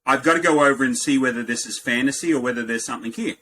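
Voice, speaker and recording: A man in his fifties with an Australian accent, a podcast guest telling lively anecdotes and jumping up in pitch for quoted lines. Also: racing, slight background noise, rough recording. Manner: animated anecdotes, jumps high for quoted lines. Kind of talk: storytelling in a podcast interview.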